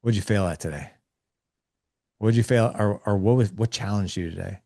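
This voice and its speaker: A man in his forties giving parenting advice in an interview, energetic and acting out conversations between dad and kid. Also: fairly low pitch, moderate pace, creaky, dry recording, studio quality. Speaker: guest on a parenting show.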